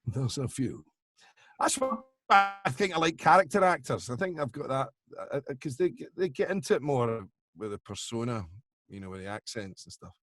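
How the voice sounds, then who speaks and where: A man with a Glaswegian accent, a voice-over artist chatting in a relaxed, self-deprecating way as a guest over a video call. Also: mid-range voice, normal speed, no room sound, faint music behind. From Scotland. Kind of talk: casual interview chat.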